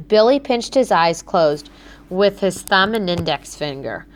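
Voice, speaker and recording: A woman narrating a children's book in a clear, measured storytelling manner. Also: lowish voice, lively intonation. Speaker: audiobook narrator.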